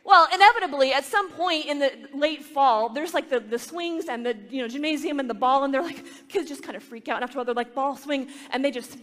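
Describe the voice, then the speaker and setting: A woman religious sister tells stories in an animated way and acts out the children she talks about. Her voice sits a little high. The sound rings with a long reverb from a large hall. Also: fast, few pauses. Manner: animated storyteller acting out kids' voices. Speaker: religious sister giving a talk. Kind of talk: storytelling talk to a retreat audience.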